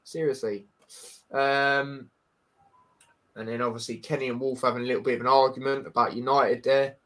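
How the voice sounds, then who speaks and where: A man's voice: mid-range voice, flat delivery, moderate pace, fairly bright tone. A man with a Scouse accent hosting a casual football chat, frank and blunt, often restarting and calling people mate. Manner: frank, repeats himself, says mate often. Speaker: podcast host.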